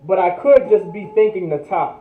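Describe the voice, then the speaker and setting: A man's voice: sits high, animated, moderate pace, slight background noise. A man teaching a livestreamed language class, repeating each word over and over as he drills it. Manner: repetitive, drills each word, thinks aloud. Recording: echoey, distant, tinny phone-like sound.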